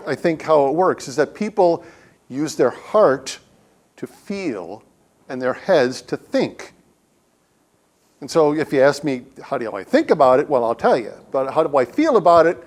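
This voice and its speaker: A man's voice: on the high side, sing-song, measured pace. A man, a guest speaker, giving a conversational sermon in a church with humorous stories. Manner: humorous storytelling, acts out quotes. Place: church sanctuary.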